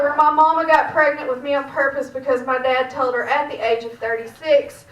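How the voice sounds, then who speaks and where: A woman with a Southern US accent doing a stand-up set, telling dark jokes in a deadpan drawl in the back room of a restaurant. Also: high voice, a little slow, highs cut off. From Georgia, US. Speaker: stand-up comedian. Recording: echoey room, mic heard from far off.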